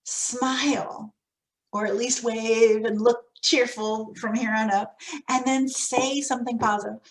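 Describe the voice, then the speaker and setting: A woman with a fairly high voice leads a professional development talk for preschool teachers. She gives practical, conversational advice on how staff should behave with parents. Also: steady tone, a little slow, rough recording. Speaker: early childhood teacher trainer.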